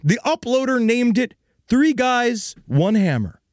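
A man's voice: very high-pitched, big pitch swings, unhurried, dry recording, clean studio sound. A man hosting a comedic true crime podcast, narrating theatrically and laughing often.

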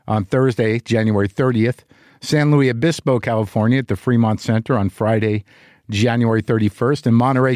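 A man's voice: mid-range voice, darkish tone, no echo, clean studio sound. A middle-aged man hosting a podcast, telling a candid story in a rambling, profane way with lots of restarts. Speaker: podcast host. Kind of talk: casual monologue.

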